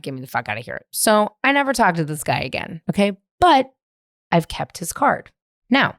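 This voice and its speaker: A woman in her thirties from San Francisco, hosting her podcast and telling a story in a candid, animated, profane way. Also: low-pitched, no echo, clean studio sound. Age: 30s. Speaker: podcast host. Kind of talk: casual storytelling monologue.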